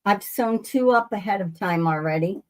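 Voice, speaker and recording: A woman's voice: medium pitch, moderate pace. A woman hosting a casual live quilting demonstration from her sewing room, rambling and restarting her sentences as she greets viewers by name. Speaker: quilting livestream host.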